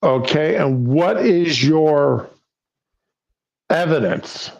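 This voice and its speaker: A man's voice: a little high, drawn-out words, vocal fry, a little mellow, highs cut off. A man hosting a livestream show, chatting casually about politics in a folksy way and asking and answering his own questions.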